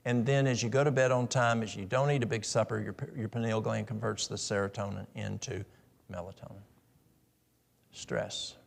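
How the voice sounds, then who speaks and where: A man's voice: lowish voice, fairly even intonation, a little fast, gravelly. A middle-aged man giving a practical, story-filled health talk at a church in a folksy manner. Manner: folksy, practical, tells stories.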